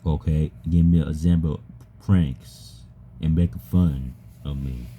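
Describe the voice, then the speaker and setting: A man with a deep voice chatting casually with an AI, halting and stammering and repeating his words. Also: fairly even intonation, warm tone, a little hiss or hum. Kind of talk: casual chat with an AI.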